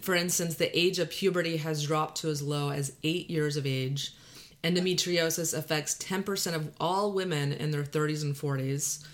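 A woman's voice: sits low, steady tone, normal speed. A woman from Texas with a drawl and a Valley Girl lilt, hosting a podcast in a chatty, self-deprecating way and laughing often. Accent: Texan drawl mixed with Californian Valley Girl. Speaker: podcast host. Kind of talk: casual podcast chat.

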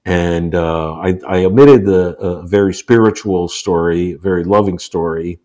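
A man in his sixties from the United States, a guest telling personal stories in a relaxed interview and acting out the quotes. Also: a little slow. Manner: animated storyteller, acts out quotes with rising pitch. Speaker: guest, author. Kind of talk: storytelling in a casual interview.

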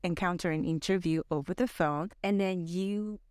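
A woman guest on a podcast telling personal stories in a chatty way, full of "you know" and quick laughs. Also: fairly low pitch, darkish tone, smooth, no echo. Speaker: podcast guest, business founder.

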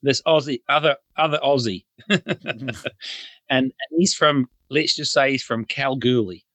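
Bright-voiced New man telling stories. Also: medium pitch, unhurried, dry recording. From New Zealand. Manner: chuckling storyteller. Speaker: guest. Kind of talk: casual anecdote.

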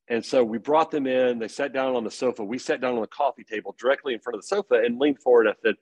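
Man, middle-aged, earnest storyteller, mid pitch, dry recording. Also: quick pace, few pauses, husky, no echo. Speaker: podcast guest on parenting. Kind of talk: casual conversation.

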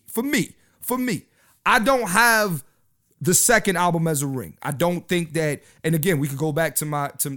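Male podcast host, high-pitched, casual and slangy, repeats lines for emphasis. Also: a bit bright. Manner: loose, slangy, repeats himself. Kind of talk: casual solo podcast chat.

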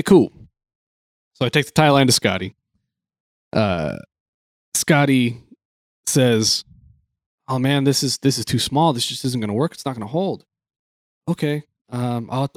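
A man's voice: medium pitch, dry recording, studio quality. A man telling a long work anecdote in casual chat, acting out the people he quotes. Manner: animated, acts out quoted dialogue. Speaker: guest telling a story. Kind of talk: casual storytelling.

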